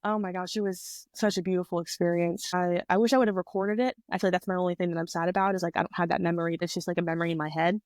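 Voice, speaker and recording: A woman's voice: fairly low pitch, very fast, hardly any pauses, dry recording, clean studio sound. Chatty young woman telling a story. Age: 20s. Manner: chatty, animated retelling with quoted voices. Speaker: podcast guest. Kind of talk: casual storytelling.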